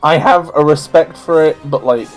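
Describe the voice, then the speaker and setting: A man's voice: on the high side, moderate pace, faint music behind. A man co-hosting a casual gameplay stream, rambling and opinionated, often correcting himself mid-sentence. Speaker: streamer co-host.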